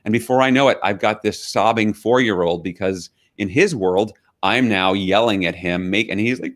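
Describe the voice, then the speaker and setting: A man's voice: on the low side, moderate pace, few pauses. A middle-aged man, an author as interview guest, telling reflective stories with quoted dialogue. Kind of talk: interview conversation.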